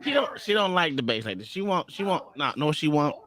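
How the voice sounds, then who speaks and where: A man's voice: fairly high pitch, big pitch swings, brisk, fairly bright tone. A man co-hosting a casual podcast, throwing in wry remarks and introducing the topic. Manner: wry interjections, reads out topic. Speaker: podcast co-host. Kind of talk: casual chat.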